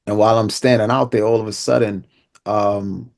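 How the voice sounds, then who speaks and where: Middle-aged New man, gravelly voice, inspirational speaker giving personal testimony with repeated phrases. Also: on the low side, steady tone, moderate pace. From Brooklyn, New York. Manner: vivid storytelling, repeats phrases, drops to a hush for tense moments.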